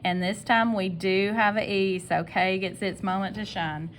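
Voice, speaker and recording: A woman with a Southern American accent teaching a phonics spelling lesson. She sounds words out slowly and repeats each sound patiently, with an encouraging tone. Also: medium pitch, steady tone, a little hiss or hum.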